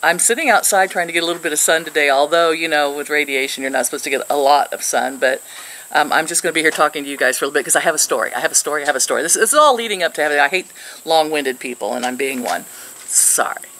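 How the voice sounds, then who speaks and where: Chatty older woman, bright voice. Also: low-pitched, rapid-fire, poor audio. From Missouri. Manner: chatty and rambling, laughs often. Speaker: vlogger. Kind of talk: casual storytelling to camera. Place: outdoors, sitting in the sun.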